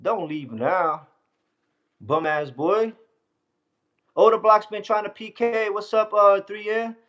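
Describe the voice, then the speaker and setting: A man's voice: sits high, slow pace, fairly bright tone, rough recording. A man from the United States, livestreaming casually, reading comments with a boastful, brash, scattered way of talking. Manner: boastful, brash, scattered, often says "hold on" and "bro".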